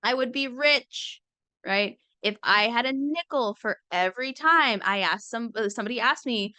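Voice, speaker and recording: A woman talking casually and wryly about calm conversations, dropping into quick impressions now and then. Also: fairly high pitch, no echo, studio quality. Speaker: comedian and speaking coach. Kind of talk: casual talk with acted-out quotes.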